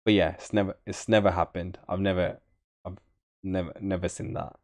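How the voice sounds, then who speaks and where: A man's voice: deep voice, fairly quick. A man hosting a reaction video, exclaiming and rambling in casual commentary. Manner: excitable, rambling, exclaims often.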